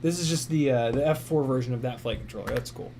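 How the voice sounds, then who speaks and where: A man's voice: mid-range voice, quick pace, noisy background. A man hosting a casual livestream, rambling, swearing and laughing at his own jokes. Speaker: streamer.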